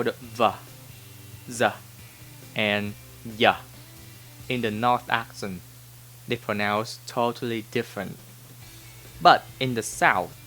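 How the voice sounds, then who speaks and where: A man's voice: mid-range voice, a bit bright. A man from Vietnam with a Vietnamese accent, speaking English as a language teacher answering viewer questions in a chatty, informal way, often checking in with the viewer. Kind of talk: casual Q&A lesson to camera.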